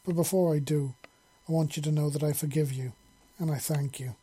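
A man voicing a grown woman, a kind and earnest mother who speaks gently. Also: a little high, steady tone, brisk, slightly rough. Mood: gentle.

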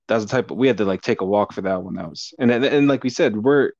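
A low-voiced young man speaks in a relaxed, reflective way, chatting casually. The recording is dry and a bit dull and lo-fi. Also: racing, few pauses, no room sound. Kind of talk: casual conversation. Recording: dull lo-fi sound.

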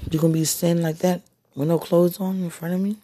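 A woman speaking an intimate spoken monologue, breathy and husky, often dropping into whispers and sighing exclamations. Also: lowish voice, flat delivery, fast, mellow, slight background noise. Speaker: podcast speaker.

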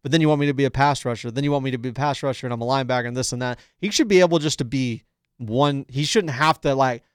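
A man's voice: medium pitch, quick pace, clear, resonant tone, no room sound. Argumentative man, dry close sound. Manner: argumentative, teasing, repeats lines for emphasis. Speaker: podcast co-host. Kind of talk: casual sports debate.

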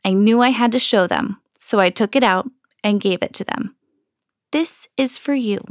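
A woman reading a children's storybook aloud in an expressive, storytelling manner. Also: medium pitch, normal speed, no echo, clean studio sound. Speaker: podcast host reading to children.

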